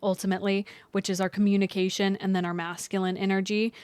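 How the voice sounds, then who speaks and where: A woman's voice: medium pitch, level tone, fast talker, darkish tone, clear, resonant tone, no echo. A young woman astrologer talking casually to her viewers, loose and chatty with many fillers and restarts. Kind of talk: casual astrology vlog talk.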